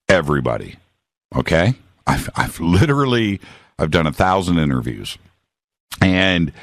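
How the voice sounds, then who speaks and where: A man's voice: sits low, a bit bright, dry recording. A man hosting a talk show interview, speaking emphatically and often checking in with his listener. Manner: emphatic, keeps checking in with "right?".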